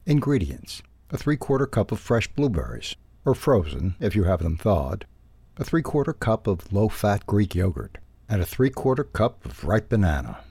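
A man with a low, gravelly voice reads a children's story aloud in a calm, even way. His tone is dark and a little husky. The recording is close and dry. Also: moderate pace, dry recording. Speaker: newsletter audio reader. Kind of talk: storybook narration.

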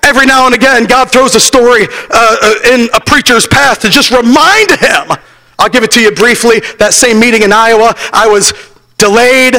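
A middle-aged man preaching an impassioned sermon to young people, shouting and telling stories. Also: high voice. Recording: long reverb of a large hall.

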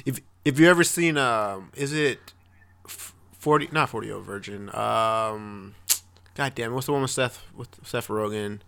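Brief: male podcast co-host, casual sidekick, swears, quick to agree. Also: on the low side, gravelly, fairly bright tone, clean tone. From Texas. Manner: chiming in, profane, laughing along. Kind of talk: casual chat.

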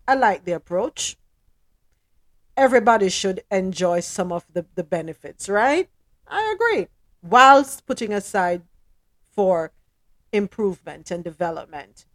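Animated woman reading the news. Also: medium pitch, dry recording. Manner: animated, laughs loudly, playful mock outrage. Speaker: podcast host. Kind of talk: casual news chat.

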